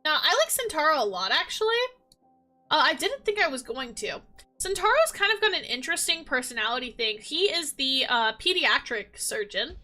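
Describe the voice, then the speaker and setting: A woman's voice: sits high, very animated, normal speed, pushed and bright, faint music behind. A woman chatting casually as a gaming vlogger, gushing and rambling with lots of fillers. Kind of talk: casual chat.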